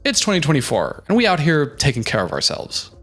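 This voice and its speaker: A man's voice: on the high side, huge pitch swings, a little fast, fairly bright tone, faint music behind. A man giving a casual, sassy recap of a reality show, throwing in joking asides. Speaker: reaction commentator.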